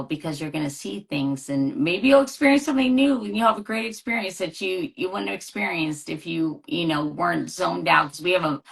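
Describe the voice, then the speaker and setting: A middle-aged woman speaking as an interview guest in a relaxed, conversational way. She is earnest and keeps repeating her main points to stress them. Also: sits low, gravelly, husky.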